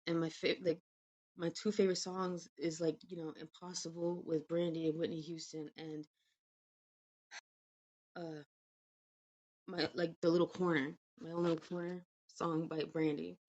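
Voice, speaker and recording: A woman's voice: deep voice, flat delivery, moderate pace, long pauses, a little mellow, muffled recording. A woman who hosts a podcast, reading a storybook tale aloud and then chatting about it in a gushing, chatty way with frequent laughter. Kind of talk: storybook reading and casual chat.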